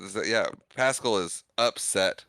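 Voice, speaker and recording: A man with a smooth, bright, mid-pitched voice chats about a film on a podcast, offering dry, measured opinions on its scenes. The sound is close and dry. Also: no room sound. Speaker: podcast co-host. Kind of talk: casual movie discussion.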